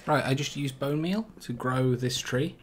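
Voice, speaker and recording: A man's voice: mid-range voice, unhurried, slight background noise. A man co-hosting a game stream, chatting casually with a dry, teasing humor. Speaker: co-host gaming streamer. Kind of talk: casual gameplay banter.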